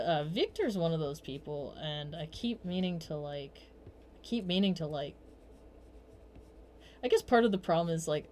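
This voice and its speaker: Young woman streamer, casual rambling storyteller, loose and chatty with lots of fillers. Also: a little hiss or hum. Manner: quotes herself in bursts of higher voice. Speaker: livestream host.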